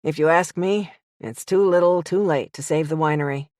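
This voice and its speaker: A despairing middle-aged man, voiced by a woman reading an audiobook. He sounds defeated and gloomy, pitched lower than the narration. Dry, close recording. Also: normal speed, a little mellow, no echo, close to an everyday voice.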